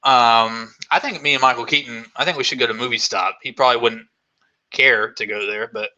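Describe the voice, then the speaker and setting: A man hosting a casual live Q&A, with a very bright, sharp voice at an ordinary pitch. He rambles enthusiastically from thought to thought, filling the gaps with ums and likes. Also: fairly quick, muffled recording. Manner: rambling and enthusiastic, many fillers. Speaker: vlogger hosting a Q&A.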